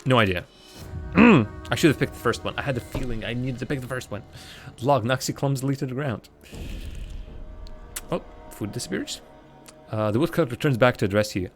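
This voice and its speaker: A male streamer chats casually through a live game, laughing often and mocking his own attempts. His voice sits at an average pitch but jumps around with lively swings. Faint music plays behind him. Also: fairly quick, pauses often. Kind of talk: casual live gameplay commentary.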